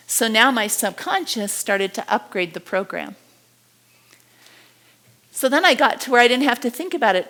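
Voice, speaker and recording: Lively woman teaching a body language class. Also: a little high. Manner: animated, acts out quotes and gestures. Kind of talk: live class lecture. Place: classroom with a live audience.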